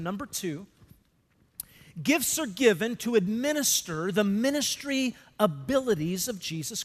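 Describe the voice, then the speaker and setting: A man's voice: high voice, long reverb tail. A male pastor preaching a sermon, emphatic, asking the congregation questions and having them call out the missing words.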